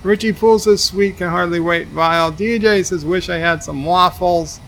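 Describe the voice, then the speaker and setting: A man's voice: high-pitched, normal speed, fairly bright tone, slight background noise. A man streaming a game, reading chat messages aloud and answering them with dry asides. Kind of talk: casual livestream commentary.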